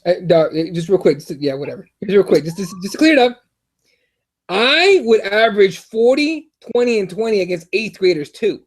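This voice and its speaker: High-voiced young American man, rambling. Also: brisk. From United States. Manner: rambling, profane, animated storytelling with many restarts. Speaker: podcast co-host. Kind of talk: casual chat.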